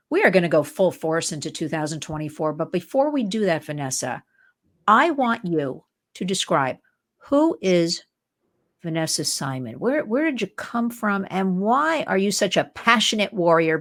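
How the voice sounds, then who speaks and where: An older woman from New Jersey hosting an interview show, talking in an excited, emphatic, chatty way. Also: lowish voice. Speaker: host.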